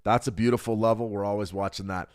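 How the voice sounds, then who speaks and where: A middle-aged man with a somewhat low voice runs a live trading stream. He talks fast and animated, moves between charts and answers chat messages with easy jokes. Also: smooth. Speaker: trading show host. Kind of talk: live market analysis with chat replies.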